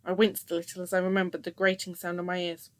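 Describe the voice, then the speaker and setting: A woman narrating a first-person story in a steady, scripted reading voice. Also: lowish voice, quick pace, dry recording.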